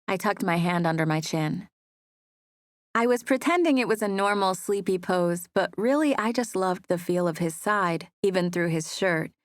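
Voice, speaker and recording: A woman narrating a first-person romance audiobook in a soft, intimate storytelling manner on a close studio mic. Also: fairly low pitch, no echo.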